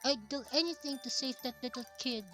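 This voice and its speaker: A timid, kind-hearted young woman puppeteer speaking earnestly and eagerly, as a woman reads her lines in a game. The voice is high and bright, and soft game music plays behind. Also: a little fast.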